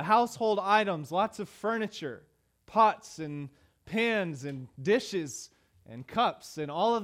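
A pastor preaching a sermon in a conversational way, with many "uh" fillers and emphatic repeated phrases. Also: male voice, on the high side, a bit bright. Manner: emphatic rhetorical repetition.

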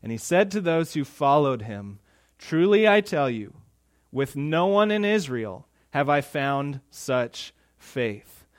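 High male pastor, conversational sermon delivery, punches up the quoted lines. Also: big pitch swings, takes it slowly. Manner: conversational preaching, rising and louder when quoting speakers.

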